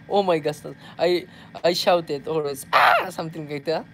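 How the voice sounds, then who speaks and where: A Japanese vlogger with a Japanese accent reads fan messages aloud in a casual, playful way, laughing easily and slipping Tagalog fillers into his English. His voice sits on the high side, with a faint hiss or hum in the background.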